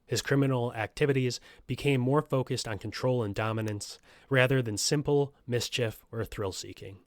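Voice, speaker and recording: A man's voice: mid-range voice, normal speed, dry recording, studio quality. A man hosting a true crime podcast, reading a script and breaking off into joking, profane asides. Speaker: podcast host.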